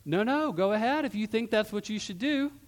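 A man voicing God as a calm male voice daring a stubborn man to go ahead. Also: mid-range voice, a little fast, lightly acted. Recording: long hall reverb.

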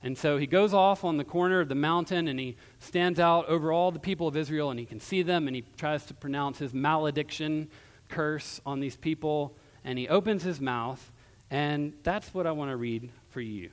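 A male pastor preaching a sermon in a church, retelling a story in a conversational way with a quiet close. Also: on the high side, normal speed. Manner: conversational storytelling, dropping softer at ends of phrases. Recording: long hall reverb.

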